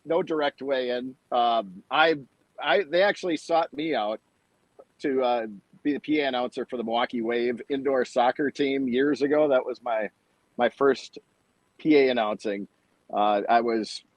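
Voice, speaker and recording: A man who works as an arena public address announcer and radio producer, telling his story in a relaxed way during an interview. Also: medium pitch, no room sound, highs cut off. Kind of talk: interview answers.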